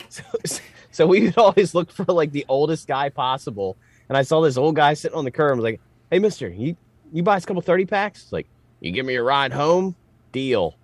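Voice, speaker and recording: A man's voice: fairly high pitch, fairly quick, no echo. A man telling rowdy stories as co-host of a casual comedy podcast, swearing freely. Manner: swearing, animated storytelling.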